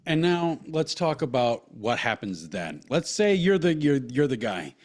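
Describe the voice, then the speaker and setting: Podcast guy in his 30s, swears a ton, rambles, gets animated telling stories. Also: mid-range voice, measured pace. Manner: profane, rambling, animated storytelling. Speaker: podcast co-host. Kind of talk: casual chat.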